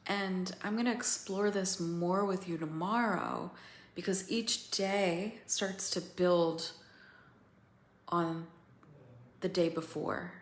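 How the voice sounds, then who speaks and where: A woman coaching other women through a feeling practice, slow and pausing, candid and swearing now and then. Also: lowish voice, reverberant. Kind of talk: guided emotional coaching talk.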